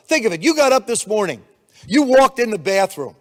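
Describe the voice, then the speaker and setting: A man in his seventies from the United States delivers a motivational keynote, spinning stories and acting out the dialogue in them. His voice sits fairly high for a man. The sound rings with the long reverb of a large hall. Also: fairly quick. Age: 70s. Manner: storytelling, animated, acts out dialogue. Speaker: keynote speaker.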